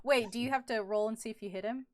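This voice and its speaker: A woman's voice: fairly high pitch, fast talker. A woman running a tabletop game as dungeon master, playful and giggly, throwing in silly sound effects.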